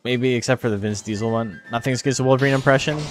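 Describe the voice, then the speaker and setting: Over soft background music, a male tournament commentator talks very fast in a mid-range voice with fairly even intonation. He rambles through jokey live-stream game commentary, leaning heavily on "like" and cursing without restraint.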